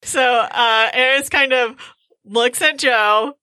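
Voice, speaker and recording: A woman's voice: on the high side, slow pace, pushed and bright, no room sound. A woman playing in a tabletop role-playing game, chatty and laughing often. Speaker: player. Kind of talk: casual tabletop role-play.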